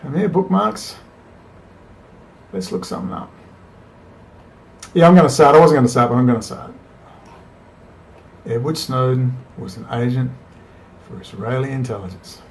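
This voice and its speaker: A man rants to camera in a combative, profane monologue. He fires off rapid rhetorical questions and talks in a middle pitch for a man. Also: gravelly. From Australia. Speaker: political video commentator.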